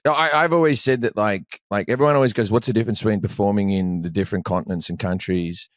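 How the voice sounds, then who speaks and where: A man's voice: on the low side, quick pace, no room sound, studio quality. An Australian man in his forties, a comedian guest telling road stories in casual chat, swearing freely. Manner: swearing storyteller.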